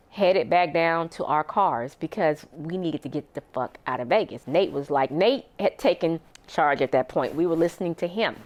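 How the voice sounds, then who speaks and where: Woman, middle-aged, interview guest, emotional retelling, low voice. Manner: emotional, vivid retelling with acted-out quotes. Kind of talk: recounting a personal story.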